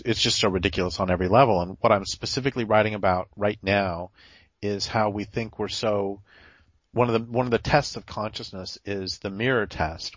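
A man's voice: fairly low pitch, fairly bright tone, no echo. Rambling male host, hesitant, dull lo-fi sound, dead dry room. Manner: rambling, hesitant, sarcastic at times. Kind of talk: casual conversation.

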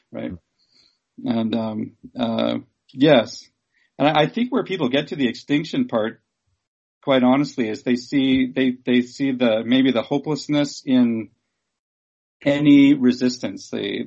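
A man asking questions in a conversational interview, speaking haltingly with many restarts and fillers. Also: mid-range voice, creaky, a little mellow, dull audio.

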